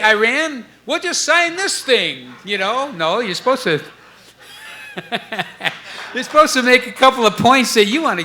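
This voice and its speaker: A man in his seventies telling stories on a club stage, acting out the voices of others in his tale. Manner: animated storyteller, acts out quoted voices with jumps in pitch. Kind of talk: storytelling chat before a live audience.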